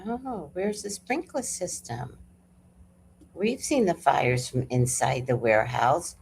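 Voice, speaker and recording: Older woman with wildly swinging pitch. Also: slow pace, vocal fry, slightly rough. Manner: animated, laughing, salty-tongued storyteller. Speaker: livestream host. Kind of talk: casual chat.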